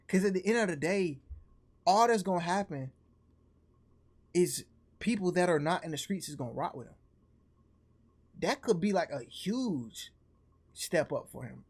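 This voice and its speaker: A man with a slight Atlanta accent giving casual, slangy reaction commentary as a streamer, full of quick restarts. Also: mid-range voice. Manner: animated, slangy, fast restarts.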